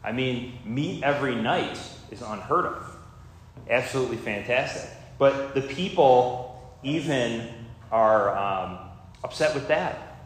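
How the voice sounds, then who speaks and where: A man's voice: mid-range voice, animated, slow pace. Man preaching in a very echoey room. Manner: conversational, rambling with fillers and asides. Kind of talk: sermon. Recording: very echoey room with faint ambient noise.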